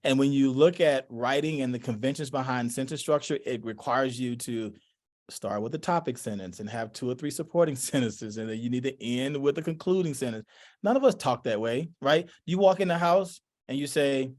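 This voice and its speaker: A man leading a parenting workshop, talking in loose, animated thoughts and acting out quotes as he answers questions. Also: medium pitch, moderate pace. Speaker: workshop presenter. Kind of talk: lively workshop talk. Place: workshop room.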